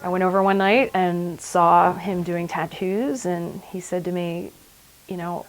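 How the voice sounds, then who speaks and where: Middle-aged woman, shop owner, relaxed lowish voice, tells stories and voices quotes. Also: unhurried, low-quality recording. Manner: chatty storyteller, acts out quotes. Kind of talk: documentary interview.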